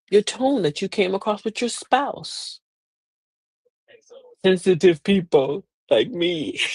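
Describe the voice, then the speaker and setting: A woman's voice: medium pitch, dry recording. A middle-aged woman hosting a live motivational talk, folksy and preachy, with emphatic delivery. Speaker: host.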